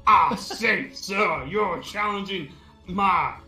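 A man's voice: high-pitched, slow pace, bright, forceful tone, echoey room, soft background music, heavily acted. A man voicing a pompous old male townsman with a put-on southern drawl, suspicious of strangers. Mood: blustery. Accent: fake southern drawl. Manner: pompous, declaring.

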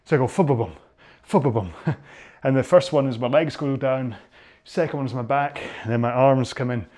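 A man's voice: mid-range voice, fairly even intonation, fairly quick, a little mellow. A man coaching an indoor rowing workout while rowing, chatty and rambling, often mocking himself.

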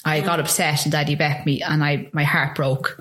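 A middle-aged woman with an Irish accent speaks in a low voice. She tells her story haltingly, with many ums and restarts, as a guest in an interview. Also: flat delivery, a bit bright. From Ireland. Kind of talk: emotional personal testimony.

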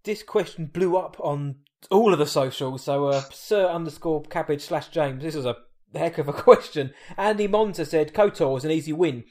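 A man's voice: fairly high pitch, moderate pace, darkish tone. A man co-hosting a podcast, joking around and reading out listener messages. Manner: playful, jokey, reads listener messages. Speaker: podcast co-host. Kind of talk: casual chat.

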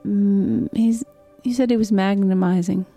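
A woman's voice: mid-range voice, unhurried, mellow, faint music behind. A woman guest on a comedy podcast, playfully chiming in with questions and suggestions. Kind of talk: casual chat.

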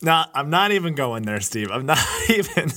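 A man's voice: a little high, very animated, normal speed, pushed and bright. A man hosting a podcast in casual chat, laughing often as he talks. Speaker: podcast host.

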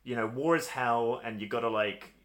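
A man's voice: mid-range voice, normal speed, a bit bright. A man co-hosting a podcast, chatting casually and giving wry, opinionated takes. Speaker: podcast co-host. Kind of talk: casual chat.

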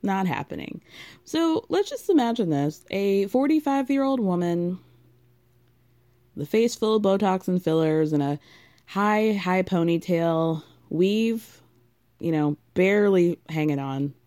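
Woman, contralto, mellow, sarcastic, gossipy, casual reality TV recap. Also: on the low side, animated, measured pace.

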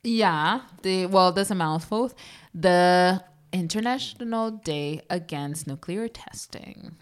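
A woman's voice: lowish voice, slow, clear, resonant tone. A woman co-hosting a casual podcast from Berlin, chatty and joking. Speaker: podcast co-host. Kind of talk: casual chat.

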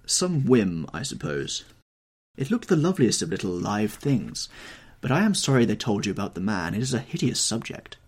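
A man voicing a nervous, brooding young gentleman, anxious and pleading, in an audiobook reading. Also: lowish voice, big pitch swings, normal speed, slightly rough. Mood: restless.

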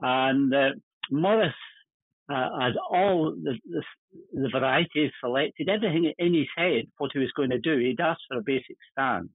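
Husky older man on a tinny line. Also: mid-range voice, moderate pace, no room sound. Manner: rambling, chuckling anecdotes. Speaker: guest. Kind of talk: casual storytelling. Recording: tinny phone-line sound.

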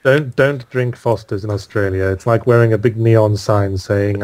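A man's voice: lowish voice, fairly even intonation, moderate pace, darkish tone. A man with an English accent, a podcast guest chatting casually, with dry, wry humor. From England. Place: home in Australia, remote call.

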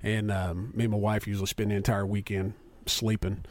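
A man's voice: fairly low pitch, little pitch movement, brisk, dry recording. Rambling man spinning exaggerated stories. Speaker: podcast guest, father. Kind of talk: casual podcast chat.

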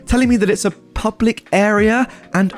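A man's voice: high voice, steady tone, normal speed, soft background music, voice pushed up, lightly acted. A man voicing an entitled middle-aged mother who protests in a whiny, indignant way about being overcharged. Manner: whiny, protesting, self-pitying.

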